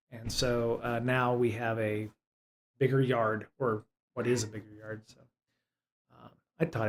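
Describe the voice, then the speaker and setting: A man hosting a live stream in a loose, rambling way. His voice sits at an average pitch. He talks with plenty of fillers and restarts. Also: darkish tone. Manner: high-pitched baby talk to his cat. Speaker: streamer and host. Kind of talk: casual live-stream chat.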